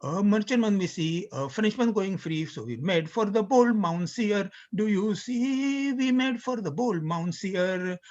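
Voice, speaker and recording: A man reciting the lines of a boastful, uneducated old-time British sailor in a slow, half-sung lilt, on a dull lo-fi recording. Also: high voice, expressive, a little mellow.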